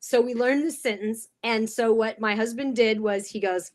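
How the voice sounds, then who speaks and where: A woman telling funny stories in a casual podcast chat, animated and often laughing. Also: fairly high pitch, normal speed, hardly any pauses.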